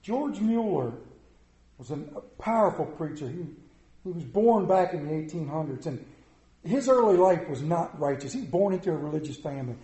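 A middle-aged pastor preaching a sermon, telling folksy stories with self-deprecating humor. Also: male voice, on the high side, expressive, moderate pace, warm tone, reverberant.

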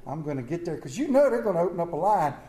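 A man's voice: on the high side, big pitch swings, racing, warm tone, echoey room, poor audio. A man preaching a sermon, reading scripture and telling stories with emphatic calls to his congregation. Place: church.

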